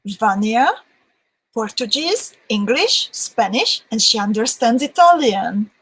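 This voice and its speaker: On a casual livestream about beading, a woman reads viewer comments aloud and laughs often between them. Her voice is fairly high, animated and slow, with a fairly bright, husky tone, captured in a low-quality recording.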